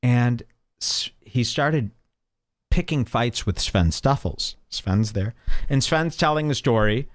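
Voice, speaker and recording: Animated man telling a story. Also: mid-range voice, takes it slowly, no echo. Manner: animated, mocking, breaks into quoted voices. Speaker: podcast host. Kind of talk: casual storytelling chat.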